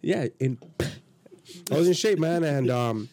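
A man's voice: a little high, animated, a little slow, dark tone, a little hiss or hum. A man in his thirties telling a rambling, profane story on a casual podcast. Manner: profane, rambling, acts out quotes. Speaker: podcast guest.

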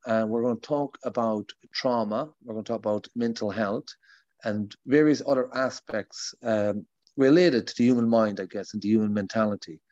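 A man's voice: on the low side, normal speed, darkish tone, dry recording. A man hosting a podcast, talking in a loose, rambling way. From Ireland. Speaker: podcast host. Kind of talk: casual podcast interview. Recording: dull, lo-fi, dry sound.

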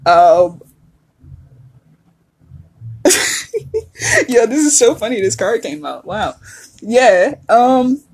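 A woman's voice: on the high side, animated, very slow, long pauses, a little mellow, slightly rough. A woman hosting a casual solo podcast, chatty and laughing often, swearing freely as she talks. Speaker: podcast host.

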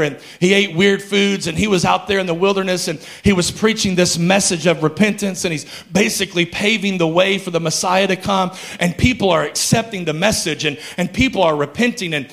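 A male pastor preaching a sermon with passion, building to shouts and calling out to his congregation. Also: high voice, vocal fry.

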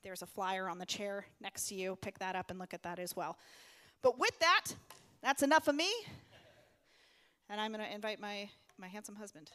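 A woman's voice: medium pitch, moderate pace, clear, resonant tone. A woman, the pastor's wife, giving church announcements and eagerly asking for volunteers. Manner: warm, eager appeal for volunteers.

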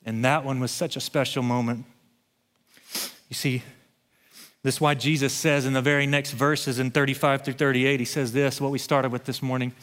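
A man's voice: medium pitch, little pitch movement, moderate pace, a bit bright, long reverb tail. A man preaching a sermon, telling a personal story in a conversational way and building to emphatic scripture reading. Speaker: pastor.

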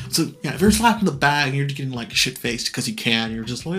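A young man talking fast and loose on a casual podcast, rattling through stories. His pitch sits in an ordinary middle range, with light music faint behind him. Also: sing-song, pushed and bright. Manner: fast storytelling, acts out quoted voices. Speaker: podcast co-host. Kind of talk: casual chat.

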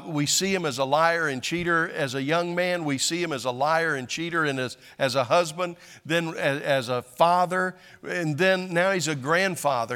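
An older male pastor delivers a sermon in a loose, conversational way, often restarting his sentences and poking fun at himself. His voice sits a little high for a man. The sound rings with the long reverb of a large church hall. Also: a bit bright, clear, resonant tone. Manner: conversational, self-deprecating humor with frequent restarts.

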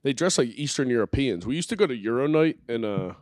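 A man's voice: mid-range voice, expressive, fast, darkish tone, no room sound. Young dude riffing crude jokes on his living room podcast, mid voice, dry mic. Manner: crude, joking, rambling. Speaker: podcast host. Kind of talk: casual podcast banter.

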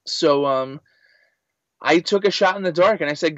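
A man being interviewed, telling stories in an animated, casual way, full of "like" and quick asides. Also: fairly high pitch, no room sound. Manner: animated, lots of filler "like". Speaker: guest, voice actor and writer. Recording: slightly muffled dry recording.

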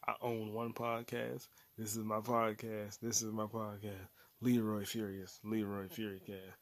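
A man's voice: fairly low pitch, little pitch movement, unhurried, dry recording. Profane rambling young man podcasting solo. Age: 20s. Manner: profane, rambling, loose slang-heavy delivery. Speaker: podcast host. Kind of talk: casual solo podcast rant.

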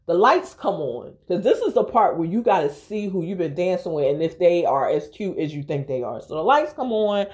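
A woman's voice: lowish voice, darkish tone. A young woman hosting a podcast, telling a personal story in a frank, profane, candid way. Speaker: podcast host.

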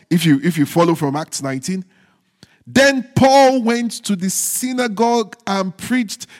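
A male pastor delivers a sermon, slowly emphasizing phrases and slipping into low, quiet teasing asides to the congregation. The recording has a long hall reverb.

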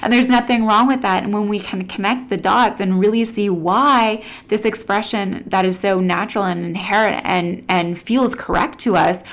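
A woman's voice: mid-range voice, fairly bright tone. A woman hosting a casual solo podcast as a coach, talking animatedly, laughing often and acting out quoted inner voices.

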